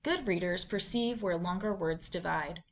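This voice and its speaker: A literacy instructor, a woman with a lowish voice, reads scripted narration for a reading lesson. Her teaching delivery is clear, measured and deliberate.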